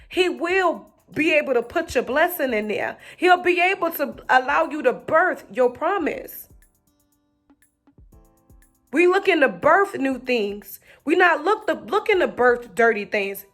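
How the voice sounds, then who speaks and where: A woman's voice: high-pitched, a bit bright. A woman preaching an encouraging sermon, rhythmic and repetitive, with casual slang. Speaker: online preacher.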